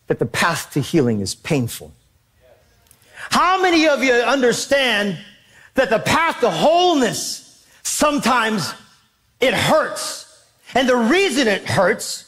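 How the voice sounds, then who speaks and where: A man preaching a sermon as pastor, emphatic and animated, asking the congregation questions. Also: extremely high pitch.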